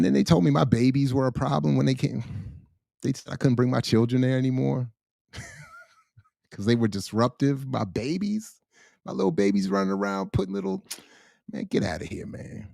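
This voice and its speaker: A man hosting a casual livestream chat, animated and slangy, laughing often. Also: medium pitch, moderate pace, creaky, long pauses, dry recording, studio quality. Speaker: host.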